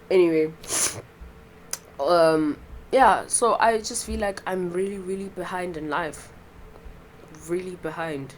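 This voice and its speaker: A woman's voice: fairly low pitch, slow, pauses often, a little hiss or hum, rough recording. A young woman hosting a podcast, talking in a casual, rambling monologue full of fillers and swearing. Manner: chatty and profane, rambling with many fillers. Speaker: podcast host.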